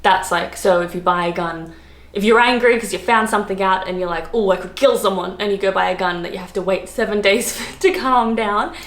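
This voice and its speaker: A woman from Australia with an Australian accent, chatting casually to camera in a rambling way, laughing often and filling pauses with ums and likes. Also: medium pitch, fairly bright tone, echoey room. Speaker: vlogger. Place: room, lived in London.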